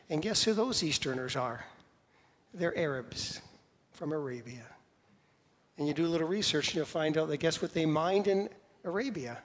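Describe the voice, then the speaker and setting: A man delivers a sermon in a church sanctuary, with a voice that sits a little high for a man. He talks conversationally, throws out rhetorical questions and slows down on key words for emphasis. The room adds a long, echoing reverb. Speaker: pastor.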